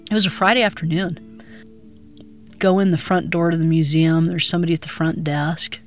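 A middle-aged woman from Colorado recounting her past as an interviewee, a lively storyteller who acts out the voices she quotes. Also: on the low side, moderate pace, faint music behind.

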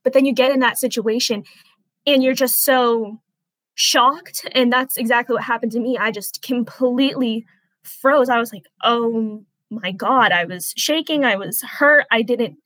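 A woman in her twenties, an interview guest, recounting a personal experience in an earnest, halting way that turns softly emotional. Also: a little high, no room sound, low-quality recording. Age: 20s.

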